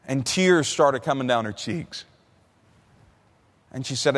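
A man preaching a sermon in a conversational way, slowing down and stretching the key words for emphasis. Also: mid-range voice. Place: large church hall. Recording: long hall reverb.

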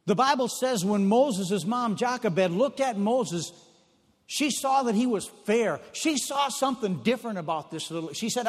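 Male preacher, high-pitched, homey storyteller who circles back on phrases; long hall reverb. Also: animated, normal speed. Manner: folksy storytelling, repeats phrases for emphasis. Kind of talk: sermon.

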